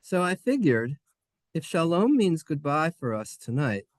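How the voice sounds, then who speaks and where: A man teaching a Hebrew class, playful and sing-song, sounding out letters and syllables slowly for his students. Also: on the high side, big pitch swings, no echo. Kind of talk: classroom lesson. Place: synagogue classroom.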